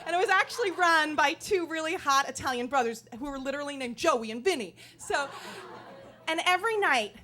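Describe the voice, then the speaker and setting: Woman comedian, high voice, animated self-mocking storyteller on a live stage, faint background hum. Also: fairly quick. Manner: animated, self-deprecating comic delivery.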